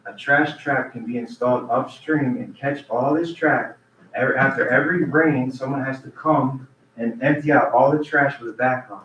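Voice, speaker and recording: A man's voice: medium pitch, normal speed, a bit bright, a little hiss or hum. A man giving public comment at a council meeting, talking in an urgent, earnest way and often restarting his sentences. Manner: repeats himself and restarts sentences. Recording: roomy, distant, dull meeting-room audio.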